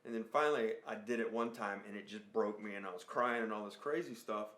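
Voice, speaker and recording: Low-voiced relaxed man, echoey room. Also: fast talker. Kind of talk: podcast conversation. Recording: roomy echo.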